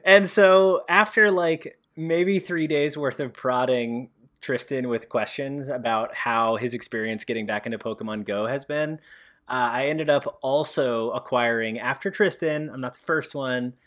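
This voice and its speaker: A man's voice: medium pitch, unhurried, a bit bright. A man co-hosting a casual gaming podcast, joking, self-deprecating and laughing often. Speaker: podcast co-host. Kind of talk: casual chat.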